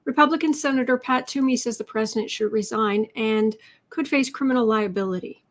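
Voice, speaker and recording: A woman's voice: fairly high pitch, fairly quick. A woman hosting a casual livestream, chatting and reading out viewer questions for tarot readings. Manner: chatty, reads out questions, talks to her cat in a soft baby voice.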